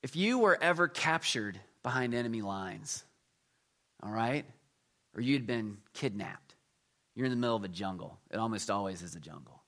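A middle-aged man preaching a sermon, telling jokey stories and swinging between loud emphasis and quiet asides. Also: fairly low pitch, lively intonation, moderate pace. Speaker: pastor.

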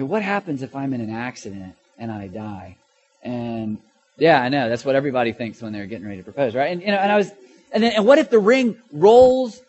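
Middle-aged guy preaching, tells stories all animated, goes loud then hushed, stammers and restarts a lot, kinda high voice. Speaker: pastor. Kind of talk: sermon with personal story.

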